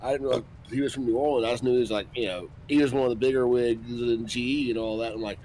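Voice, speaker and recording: A man's voice: mid-range voice, fairly even intonation, fast, a little mellow, a little hiss or hum, rough recording. Offhand married man telling stories. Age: adult. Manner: storytelling, offhand, joking. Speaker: gaming companion. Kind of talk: casual chat while gaming.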